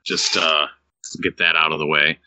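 A man's voice: rumbling low, level tone, moderate pace, bright, forceful tone, clean tone, no room sound. A man co-hosting a podcast, reviewing a game in casual chat, rambling with many restarts and fillers, fighting hiccups. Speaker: podcast co-host reviewing games.

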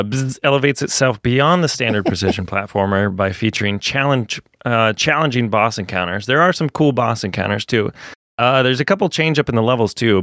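A man talks through a game review in a relaxed podcast chat, with a fairly low, smooth voice. His sound is dry and close. He fills his pauses with plenty of "uh" and "like.". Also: no echo. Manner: loose, filler-heavy, "uh" between phrases.

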